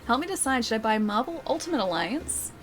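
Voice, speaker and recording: A woman's voice: fairly high pitch, big pitch swings, brisk, soft background music. Chatty, laughing female streamer. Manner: chatty, self-deprecating, laughs often, reads chat aloud. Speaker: streamer reading chat. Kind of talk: casual gameplay stream chat.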